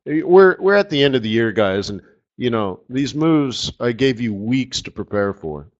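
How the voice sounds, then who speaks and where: A man lectures through a live trading webinar, joking and rambling and tossing in "right?" after his points. His voice sits at an ordinary middle pitch. The sound is a little muffled and lo-fi. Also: animated, normal speed. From Canada. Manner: joking, chatty, repeats "right?" often. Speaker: forex market strategist presenting a webinar. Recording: slightly muffled webinar audio.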